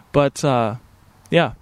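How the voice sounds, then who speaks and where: A male vlogger talks into the camera at home near his backyard, his mid-range voice captured with no echo. He meanders in a laid-back, sincere, spiritual manner, padding his speech with many fillers.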